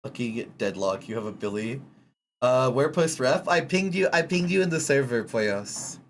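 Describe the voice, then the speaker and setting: A streamer chatting casually with their chat while drawing, teasing viewers and breaking into sudden high squeaks. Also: expressive, normal speed, a little hiss or hum.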